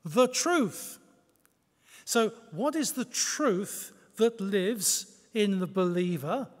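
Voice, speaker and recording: A man's voice: sits high, lively intonation, drawn-out words. A man preaching a sermon in a conversational way, with rhetorical questions and self-deprecating asides. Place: church. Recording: long church reverb.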